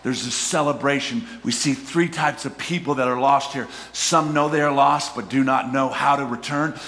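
A middle-aged man preaching a sermon as a pastor, talking conversationally and rising to shouts for emphasis. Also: mid-range voice, slight background noise. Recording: hall reverb, faint ambience.

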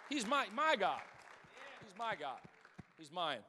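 A male pastor with a fairly high, bright, tense voice delivers an impassioned sermon. He swings from ringing exclamations to quiet asides and calls out to the people in the pews. A long church reverb trails every phrase. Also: big pitch swings, a little slow, a faint crowd, a little hiss or hum. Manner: impassioned preaching, swinging between loud exclamations and hushed asides; calls out to the congregation. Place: church sanctuary.

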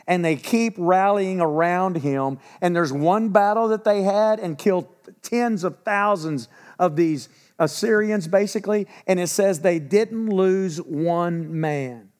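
A man preaching a sermon in a folksy, animated storytelling way with asides and acted quotes. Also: sits high, unhurried. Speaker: pastor. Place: church in Texas.

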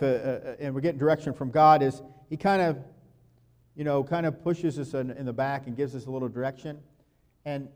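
A man preaching a sermon as pastor, talking conversationally, dropping to quiet asides and acting out the quotes he tells. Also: mid-range voice. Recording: long hall reverb.

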